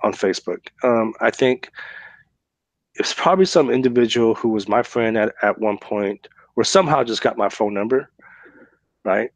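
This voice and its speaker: Gravelly-voiced chatty male podcast host. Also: on the low side, moderate pace, no room sound. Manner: animated, chatty, peppers talk with "right?" and "man". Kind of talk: casual podcast chat, telling a story.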